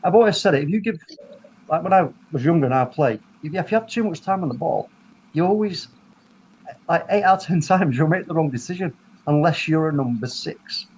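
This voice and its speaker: A man hosting a casual football chat over a video call, talking in animated, rambling bursts full of restarts. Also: a little high, a little fast, slight background noise, low-quality recording. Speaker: football podcast host.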